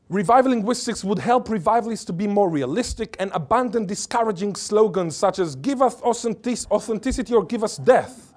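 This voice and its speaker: Playful male lecturer, higher voice. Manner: playful, fond of wordplay and jokes; emphatic, asks the audience questions. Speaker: linguist giving a lecture. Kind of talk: academic lecture. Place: lecture or workshop before an audience.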